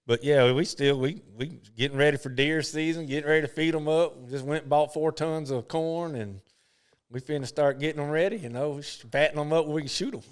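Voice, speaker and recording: A man's voice: a little high, fairly quick, clear, resonant tone. A middle-aged man, a professional golfer, telling rambling folksy stories in an interview. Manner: folksy, rambling, lots of "you know". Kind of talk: casual storytelling interview.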